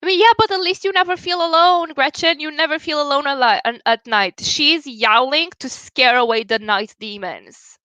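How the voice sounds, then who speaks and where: Young woman streamer gabbing w chat, laughs a lot, kinda high bright voice. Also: normal speed, few pauses, dry recording. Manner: chatty, giggly, talks to chat viewers. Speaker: livestream host. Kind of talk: casual livestream chat.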